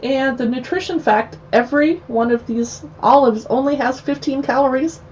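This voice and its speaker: A woman's voice: high voice, normal speed, a crowd in the background. Chatty woman hosting a live tasting. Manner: chatty, laughs easily, talks with her mouth full. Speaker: host. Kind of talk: casual live video chat, tasting snacks. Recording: dull lo-fi sound with faint noise.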